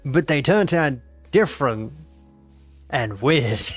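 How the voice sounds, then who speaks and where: A man's voice: mid-range voice, lively intonation, slow, breathy edge, faint music behind. A nineteen-year-old man, chatting casually and playfully on a live gaming stream, teasing his chat and repeating phrases in mock outrage. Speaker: VTuber streamer.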